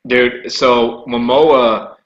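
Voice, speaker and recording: Bright-voiced man in an echoey room. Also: mid-range voice, fairly even intonation, extremely slow, muffled recording. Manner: swears freely, calls people "dog". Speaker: guest, host's brother. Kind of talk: casual chat. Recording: echoey room, faint noise.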